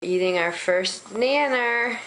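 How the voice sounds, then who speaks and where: A woman in a home video, gently coaxing her baby while feeding him, cooing with little gasps of delight. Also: mid-range voice, slow pace, over music.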